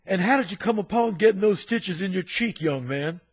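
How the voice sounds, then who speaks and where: A man's voice: sits high, animated, a little fast, husky. A man voicing a stern older male school disciplinarian who questions two boys in a formal, clipped military way.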